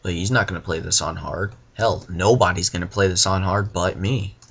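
A young man giving profane, frustrated let's play commentary, ranting and now and then bursting into yells. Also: deep voice, steady tone, normal speed, gravelly, slightly rough. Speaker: gamer.

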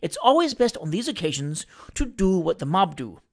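A narrator voicing a genial, cautious elderly gentleman with a polite, hushed manner in a storybook reading. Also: medium pitch, sing-song, normal speed. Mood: earnest.

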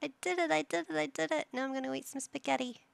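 A woman voicing an excited little toddler girl in a game, squealing with pride. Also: high-pitched, fast, gravelly, pitched above the performer's own voice. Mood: triumphant.

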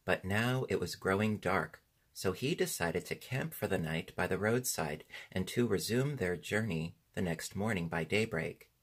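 A man reads a storybook chapter aloud in an even, unhurried way. His voice sits low and carries a husky grain. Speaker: audiobook narrator. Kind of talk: storybook narration.

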